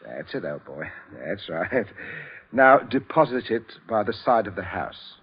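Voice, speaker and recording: Chummy, chuckling patriarch with quiet menace; muffled old radio sound. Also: male voice, on the low side, big pitch swings, a little slow, slightly rough, full character voice. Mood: coolly menacing. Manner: chummy and jovial, chuckling while giving orders. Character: genial, coldly menacing middle-class father. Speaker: head of the family. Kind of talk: 1940s radio acting. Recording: muffled 1940s radio broadcast.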